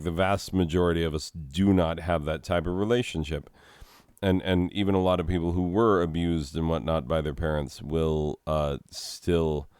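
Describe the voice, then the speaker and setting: A man's voice: very deep voice, darkish tone, clear, resonant tone, dry recording. A man, a teacher, musing reflectively in a casual monologue while struggling with grief. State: emotional, grieving.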